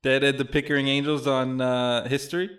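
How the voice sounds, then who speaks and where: A man's voice: mid-range voice, little pitch movement, fairly quick, fairly bright tone. A man co-hosting a crude, casual podcast, swearing heavily and ranting with animation. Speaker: podcast co-host.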